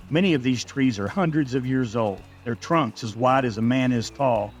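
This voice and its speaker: A man reading a scripted first-person story in a steady, measured way. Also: medium pitch.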